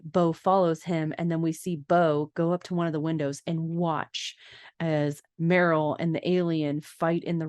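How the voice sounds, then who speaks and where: Woman, low voice, dry close sound, podcast host, chatty film recap. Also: darkish tone, clean tone, no echo. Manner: narrates scenes in detail, chatty asides.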